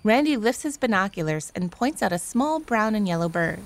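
Woman reporter with calm measured narration. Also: medium pitch, no echo. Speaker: radio reporter. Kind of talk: scripted news narration and field interview.

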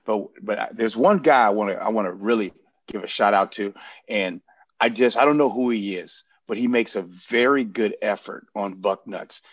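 A man's voice: on the low side, normal speed, dry recording, lo-fi sound. A man, a guest on a casual sports podcast, rambling earnestly and restarting his sentences.

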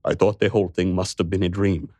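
A man putting on a wealthy, unhinged tycoon who scolds sternly while fear creeps under the surface. The voice sits low and is recorded close and dry, as in an audiobook. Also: little pitch movement, quick pace, dark tone, dry recording. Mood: awed. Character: rich powerful madman, fearful, male.

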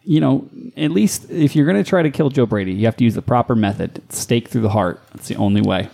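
A man's voice: mid-range voice, lively intonation, a little fast, vocal fry, mellow. Laughing male podcast co-host. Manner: laughs often, reads listener emails aloud. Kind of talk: casual chat.

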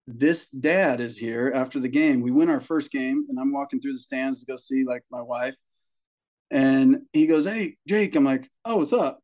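A young adult man, a high school baseball coach, casually telling a story on a podcast, swearing and acting out the people in it. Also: moderate pace. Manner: animated storyteller, swears, acts out quoted people.

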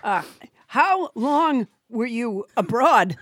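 A woman's voice: a little high, lively intonation, slow, a bit bright. A woman hosting a comedy podcast, bantering with wry, laughing asides.

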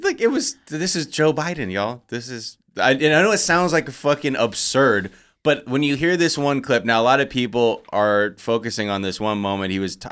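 A man's voice: on the low side, fairly bright tone, smooth. A man hosting a podcast, telling a story in a loose, casual way, with lots of swearing and filler words. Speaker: podcast host. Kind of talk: casual chat.

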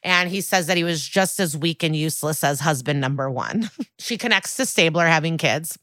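A woman's voice: sits low, fairly bright tone, no echo. A woman co-hosting a podcast, casually recapping a TV episode and quoting the characters. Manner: chatty, quotes characters in quick voices, laughs often. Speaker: podcast co-host.

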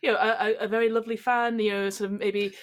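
A woman's voice: mid-range voice, flat delivery, quick pace. A woman narrating as game master of a tabletop role-playing game, chatty and rambling. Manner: chatty and rambling, full of fillers.

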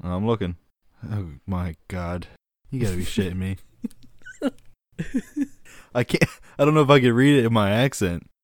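A man's voice: lowish voice, normal speed, pauses often, no echo, clean studio sound. A man co-hosting a casual comedic chat, laughing often and slipping into put-on regional voices.

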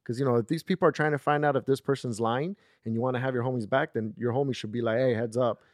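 A man's voice: mid-range voice, quick pace, no room sound, clean studio sound. A man hosting a casual chat, telling stories and acting out the quotes with rising heat. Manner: animated storyteller, acts out quotes with rising intensity. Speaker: podcast host.

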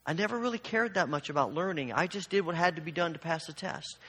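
Talking fast, a pastor with a high-leaning, fairly bright voice and a breathy edge recounts a personal story in a sermon. His storytelling builds into fervent urging, heard through long hall reverb.

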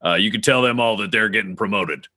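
Brief: man voicing a curt, cussing police chief; low, bright voice, dry mic. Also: fast, dry recording. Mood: gruff. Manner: curt, profane, commanding. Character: gruff blunt male law-enforcement chief.

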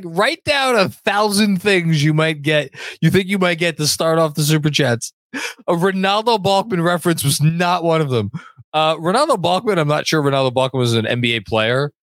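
A man hosting a casual sports podcast, excitable and rambling as he reads viewer comments. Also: fairly high pitch, no echo. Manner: excitable, rambling, many fillers and restarts. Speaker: podcast host.

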